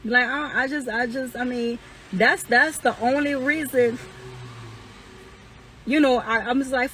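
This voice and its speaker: A woman's voice: high voice, steady tone, unhurried, pauses often, sharp tone, slight background noise, low-quality recording. A young woman venting heatedly and profanely, indignant and repeating herself. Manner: indignant, repetitive, swears constantly, rising to incredulous peaks. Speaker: woman airing accusations against an ex.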